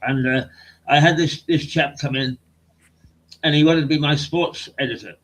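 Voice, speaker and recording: Hosting an online talk show, this veteran broadcaster, an older Midlands man, hesitantly rambles through tales of his broadcasting past in an interview-style chat. His voice is a little high and fairly bright, with fairly even intonation at normal speed, and the video-call audio is poor.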